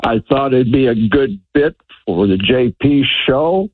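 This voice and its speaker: A man's voice: medium pitch, animated, measured pace. A man calling into a radio show, rambling and hesitant. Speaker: caller. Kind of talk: call-in phone conversation. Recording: tinny phone line.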